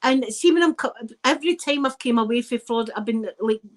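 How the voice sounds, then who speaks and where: A Scottish woman hosting a casual live stream, chatting to her viewers in a rambling, lively way with plenty of asides. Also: fairly high pitch, fast talker, low-quality recording. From Scotland.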